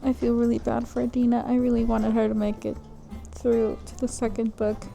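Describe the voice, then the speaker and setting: A woman book vlogger talking casually as she reads, exclaiming, swearing and rambling out loud at each turn of the story. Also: fairly high pitch, completely flat delivery, a little fast, gravelly, soft background music. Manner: emotional, exclaiming and swearing at plot twists; rambling, thinks aloud with many fillers. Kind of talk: casual reading reaction vlog.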